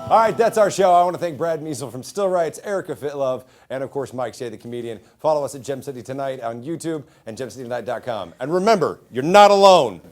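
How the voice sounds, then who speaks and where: A man's voice: mid-range voice, fast, hardly any pauses, a little mellow, faint music behind. A man hosting a local community TV show, announcing guests in an upbeat way. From Ohio. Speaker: talk show host.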